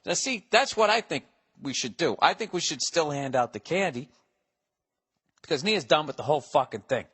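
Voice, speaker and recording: A man's voice: fairly high pitch, expressive, moderate pace, fairly bright tone, breathy edge. Middle-aged guy ranting on his podcast, swears a ton, sarcastic, long reverb on the mic. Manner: profane, ranting, sarcastic, with mock outbursts. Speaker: comedian podcast host. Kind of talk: casual solo monologue.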